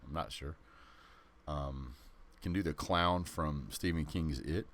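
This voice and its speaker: A very deep-voiced man hosting a live sports stream. He chats in a loose, laid-back way, circling back and restarting his sentences as he goes. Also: slow, a bit bright. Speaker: host of a sports channel. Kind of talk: casual live-stream chat.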